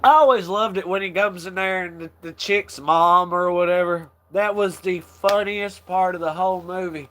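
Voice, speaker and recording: A man's voice: high voice, steady tone, moderate pace, hardly any pauses, fairly bright tone, slight background noise. A young man hosting a casual chat, rambling in a laid-back way, swearing often and laughing along. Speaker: channel host.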